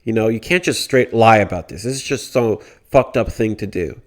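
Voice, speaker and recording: A man's voice: fairly low pitch, moderate pace. A man giving a casual commentary rant, indignant and blunt, with frequent swearing and many restarts. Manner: mocking quoted whiny voices. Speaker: commentary YouTuber.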